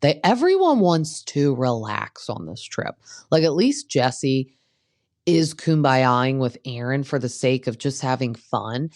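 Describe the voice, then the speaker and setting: A woman's voice: rumbling low, very animated, a little slow, darkish tone, dry recording, studio quality. Chatty gossiping woman podcast host. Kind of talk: casual recap commentary.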